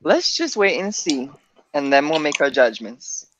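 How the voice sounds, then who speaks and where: Calm co-host, muffled call audio. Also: mid-range voice, unhurried, noisy background. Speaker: podcast co-host. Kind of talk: casual chat on a video call.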